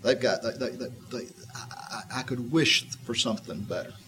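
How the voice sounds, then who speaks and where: A man giving a conversational Bible teaching, folksy and reflective, with a husky voice. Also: mid-range voice, normal speed, fairly bright tone, low-quality recording. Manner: folksy and reflective, voices the woman with a tart, skeptical edge. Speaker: preacher.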